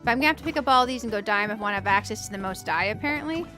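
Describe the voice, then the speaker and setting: A woman's voice: mid-range voice, lively intonation, rapid-fire, pushed and bright, faint music behind. A woman hosting a casual let's-play, chatting to her viewers as she builds and thinking aloud in a playful, self-mocking way. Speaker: gaming channel host.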